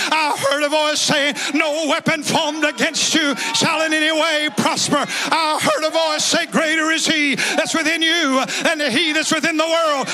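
Very high-voiced, bright-toned impassioned preacher man. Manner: impassioned, shouting, repetitive calls for praise. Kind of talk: fervent sermon. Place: large church hall. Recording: long reverb from church hall.

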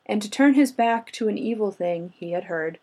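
A woman's voice: mid-range voice, lively intonation, normal speed, darkish tone, breathy edge. A woman chatting casually with friends and reading a folklore account aloud dramatically, often breaking into laughter.

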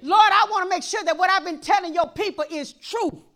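A woman pastor preaching a sermon in a church, impassioned and repetitive, dropping to a hush and then rising to shouts. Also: very high voice, fairly quick. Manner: impassioned, repeats phrases, swings from hushed to shouting.

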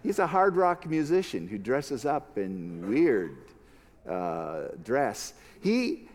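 A man preaching a sermon as a pastor, expressive, moving from hushed lines to emphatic ones. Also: mid-range voice, takes it slowly, long reverb tail.

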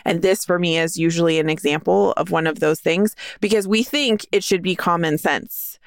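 A middle-aged speaker in a casual podcast discussion, with a voice in the middle of the usual pitch range. They talk in a thoughtful, agreeable way and build points from their own experience. The recording is dry and close. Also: normal speed, vocal fry, smooth, no room sound. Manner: thoughtful, agreeable, explains with examples.

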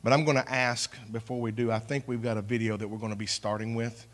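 A man, a pastor speaking to his congregation in a folksy, warm preaching manner. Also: medium pitch, level tone, quick pace. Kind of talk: church sermon.

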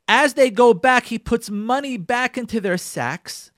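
High lively guy telling a torah story, super animated, dry close sound. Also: unhurried, no room sound. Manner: dramatic storyteller, addresses "ladies and gentlemen", acts out dialogue; repeats and restarts phrases for emphasis. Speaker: radio Torah speaker.

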